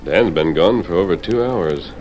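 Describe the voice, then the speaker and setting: An actor playing a calm, reassuring masked Western hero, in 1940s radio acting. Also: male voice, sits low, moderate pace, faint music behind. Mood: steady. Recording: distant noisy 1940s radio broadcast.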